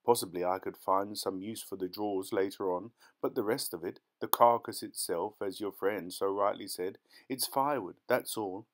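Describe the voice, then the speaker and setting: Guy doing a sly, overly polite fake parson, wheedling and fussy, low voice. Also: moderate pace, few pauses, close to an everyday voice. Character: fussy, ingratiating male antiques dealer posing as parson.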